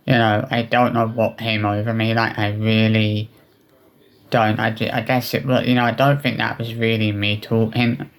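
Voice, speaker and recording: Man, vlog, low voice, monotone, halting, repetitive, remorseful. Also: creaky. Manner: halting, repetitive, with many restarts and fillers; upset and remorseful. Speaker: vlogger. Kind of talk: personal apology vlog.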